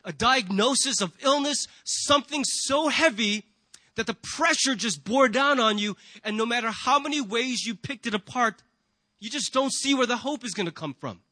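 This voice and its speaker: Earnest high-voiced male pastor preaching. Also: moderate pace, sharp tone, no echo. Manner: earnest, emphatic, asks rhetorical questions. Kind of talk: sermon. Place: church sanctuary with a congregation.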